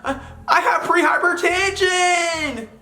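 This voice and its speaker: Guy putting on a squeaky sobbing whiny grown man, echoey room, faint music. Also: slow, bright, forceful tone, raised voice, exaggerated voice. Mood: whiny panicking. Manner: high, shrill, sobbing whine.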